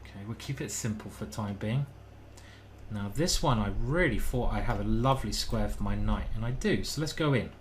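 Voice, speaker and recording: A man's voice: fairly low pitch, animated, a little fast. Guy streaming chess, talks to chat a lot, bit of faint room hum. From United Kingdom. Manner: chatty, talks to chat, thinks aloud. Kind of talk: live-stream chess commentary.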